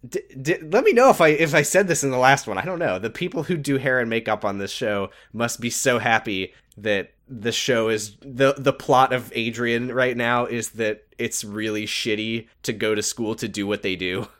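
A man's voice: mid-range voice, normal speed, few pauses, a bit bright. Male podcast co-host, loose rambling recap voice, swears freely. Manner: profane, laughing, rambling. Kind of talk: casual recap chat.

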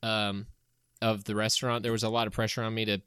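A man co-hosting a comedy podcast in a low-key, self-deprecating chat. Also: little pitch movement, fast talker, sharp tone, clean tone, no echo, studio quality. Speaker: podcast co-host.

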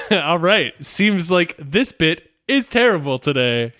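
Male co-host, casual podcast chat, rambles and laughs at himself, slightly raised pitch. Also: big pitch swings, slow, a bit bright, no room sound, studio quality. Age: adult, married. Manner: rambling, self-deprecating, laughs often.

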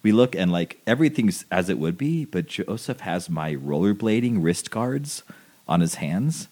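Brief: man with a very low voice, easygoing anecdotes in casual chat. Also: moderate pace. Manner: relaxed anecdotal storyteller.

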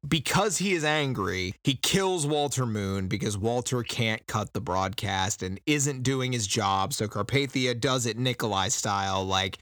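A man's voice: medium pitch, measured pace, few pauses, no echo, studio quality. A man casually recapping a book on a podcast, sarcastic, acting out the characters in mocking voices. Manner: sarcastic, animated storytelling with mocking quoted voices. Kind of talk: casual chat.

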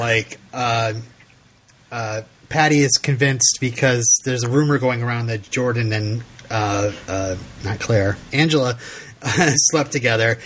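A man's voice: medium pitch, fairly bright tone, a little hiss or hum. A middle-aged man co-hosting a casual podcast, laughing often and retelling scenes with quoted voices. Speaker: podcast co-host. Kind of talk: casual chat.

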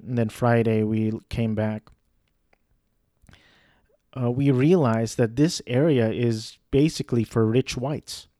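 A man's voice: medium pitch, dark tone, dry recording, studio quality. A young man casually telling a rambling, self-deprecating story, with some swearing and lots of restarts.

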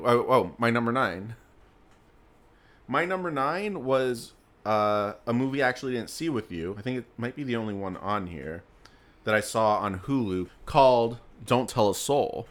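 A man's voice: mid-range voice, sing-song, normal speed, a bit bright. A young man co-hosting a casual podcast chat, laughing often and rambling through asides that trail off. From South Florida. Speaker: podcast co-host.

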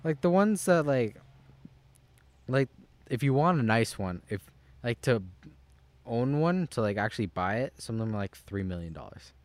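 A man's voice: mid-range voice, lively intonation, normal speed, dry recording. A teenage man, chatting casually as a podcast co-host and rambling with lots of fillers. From Canada. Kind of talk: casual chat.

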